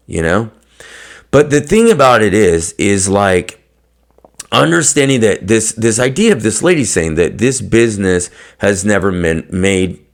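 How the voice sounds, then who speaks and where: A man hosting a podcast, ranting bluntly to fellow hairdressers, swearing often and stuffing his talk with fillers. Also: on the low side. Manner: blunt, heavy swearing, lots of fillers, laughs mid-rant. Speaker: podcast host. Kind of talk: profane rant to fellow hairdressers.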